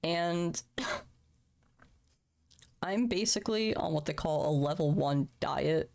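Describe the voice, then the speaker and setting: A woman's voice: deep voice, takes it slowly, vocal fry, a little mellow, slight background noise. A woman in her thirties, a streamer, talking candidly and emotionally on a livestream from home, swearing casually. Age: 30s. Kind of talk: candid personal talk on a livestream. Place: home room.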